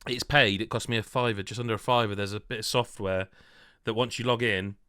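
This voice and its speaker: British male podcast host, articulate radio-host voice, low register, dry close sound, rambling and self-deprecating. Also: fairly even intonation, fairly quick, pushed and bright, clean tone, no room sound. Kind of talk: casual chat.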